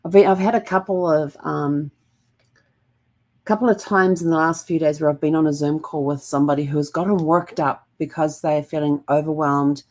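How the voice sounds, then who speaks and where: Low-voiced woman, gentle rambling vlog. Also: normal speed. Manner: gentle and calm, rambling with many fillers. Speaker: host. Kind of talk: casual reflective vlog.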